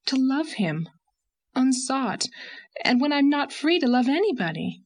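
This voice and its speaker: Audiobook role: woman doing a distraught, passionate young woman, high and pleading. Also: big pitch swings, a little slow, full character voice. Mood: anguished. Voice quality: emotional, pleading delivery. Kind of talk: audiobook character voice.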